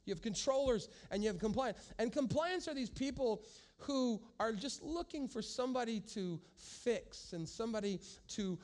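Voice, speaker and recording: High-voiced man preaching emphatically. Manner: emphatic, addresses the congregation directly. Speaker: pastor. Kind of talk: sermon. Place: church service with a congregation.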